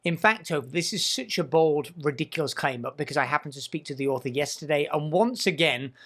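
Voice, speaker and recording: Eager higher-voiced podcast host. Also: male voice, a little fast, a bit bright. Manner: emphatic, enthusiastic. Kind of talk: casual podcast chat. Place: podcast studio.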